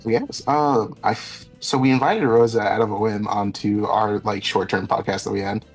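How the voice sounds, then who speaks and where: A man speaking as a podcast guest, earnest and halting, with lots of fillers. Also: on the low side, faint music behind, poor audio. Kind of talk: casual podcast chat.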